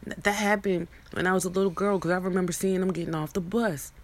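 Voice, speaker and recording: A woman's voice: on the low side, fairly even intonation, fast, a little hiss or hum. A young woman in a rambling, profane monologue, preaching at her viewers with many restarts and asides. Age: young adult.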